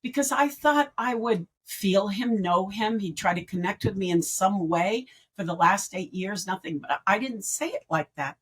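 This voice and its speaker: A middle-aged woman with a husky, slightly breathy voice at an ordinary pitch tells her story as a podcast guest. She talks over a video call. She is animated and keeps acting out what people said. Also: normal speed, few pauses, rough recording. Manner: animated storyteller who acts out quoted speech. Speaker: guest, end-of-life doula and grief educator. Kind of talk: personal storytelling in a podcast interview.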